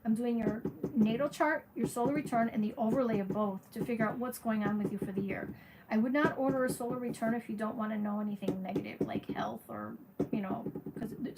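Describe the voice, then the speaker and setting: A woman astrologer talks casually and frankly to her viewers, greeting them by name as she goes. Her voice sits slightly high. A steady hiss of noise runs under the whole recording. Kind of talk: casual livestream chat.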